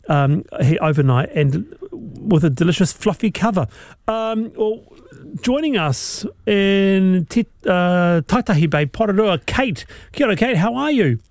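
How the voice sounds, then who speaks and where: A chatty New man hosts a live talk radio show, his voice sitting a touch higher than most men's. The studio sound is close and dry, with no room around him. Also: creaky, a little mellow, no room sound. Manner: chatty, laughs often. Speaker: radio host.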